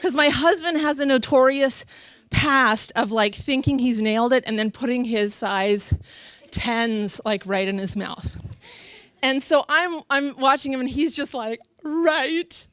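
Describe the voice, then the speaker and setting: A woman's voice: high voice, measured pace, no room sound. A middle-aged woman telling a comic personal story, acting out voices and laughing often. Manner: animated, acts out other people's voices, laughs often.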